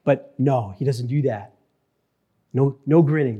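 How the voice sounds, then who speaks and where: A male pastor preaching a sermon in church, earnest, repeating key phrases and slowing down for emphasis. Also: medium pitch, dark tone, slightly rough.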